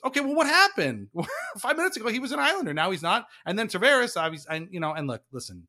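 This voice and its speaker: Animated fast-talking man ranting. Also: high-pitched. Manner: animated, ranting, laughs often. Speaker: podcast host. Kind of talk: casual sports podcast chat.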